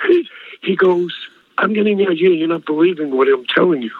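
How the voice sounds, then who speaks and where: High-voiced older New man. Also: fairly quick. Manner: animated storyteller acting out quoted dialogue, chuckling often. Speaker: singer being interviewed. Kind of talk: storytelling interview. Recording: slightly dull dry radio audio.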